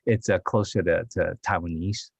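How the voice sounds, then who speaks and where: A man who is an actor, speaking English as a later language, chatting as a podcast guest in a rambling, halting way with frequent laughs. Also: low-pitched, fairly even intonation, gravelly, breathy edge, no room sound, muffled recording. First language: Chinese dialect. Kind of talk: casual interview chat.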